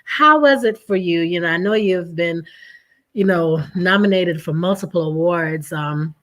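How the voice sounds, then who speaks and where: A woman hosts an interview in an enthusiastic, encouraging way. Her voice is a little lower than most women's. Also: unhurried, a bit bright. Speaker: interview host. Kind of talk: casual interview.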